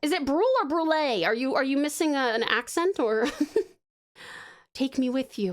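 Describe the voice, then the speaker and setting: Aussie lady streamer, high and bouncy, swings all over, gushes and swears and giggles while she draws. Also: expressive, unhurried, long pauses, fairly bright tone. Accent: Australian. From Tasmania, Australia. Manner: bubbly and affectionate, swears freely, laughs often; chatty, rambling while sketching. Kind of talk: casual live-stream chat.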